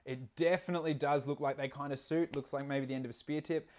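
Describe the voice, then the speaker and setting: A man's voice: a little high, steady tone, quick pace. A man hosting a casual livestream, laid-back and profane, rambling with plenty of fillers. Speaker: stream host.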